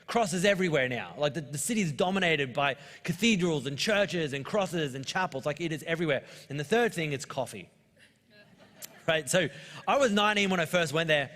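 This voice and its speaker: Australian pastor preaching in a reverberant hall. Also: male voice, on the high side, animated, fairly quick, a bit bright. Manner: conversational and joking, telling personal stories. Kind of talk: sermon. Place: church auditorium.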